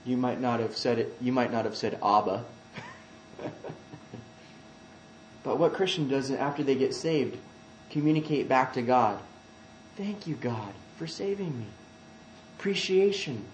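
A man preaching a sermon, swinging from quiet asides to loud, emphatic scripture reading. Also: mid-range voice, roomy sound, slight background noise, low-quality recording.

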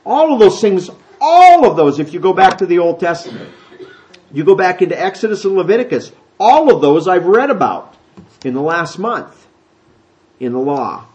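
High-voiced man preaching a chatty sermon. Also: sing-song, darkish tone, rough recording. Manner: chatty and folksy, reads scripture aloud, acts out quick voices. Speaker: pastor. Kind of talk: sermon, conversational Bible teaching.

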